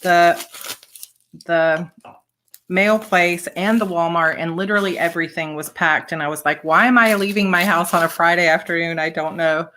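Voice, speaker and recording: A woman hosts a relaxed live chat, her voice sitting a little low for a woman. She gushes warmly, laughs and tears up as she talks, with thanks spilling out between breaths. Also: moderate pace, a little hiss or hum. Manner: gushing, emotional, laughs and tears up often. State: tearful. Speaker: author and channel host. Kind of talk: casual live chat, opening fan mail.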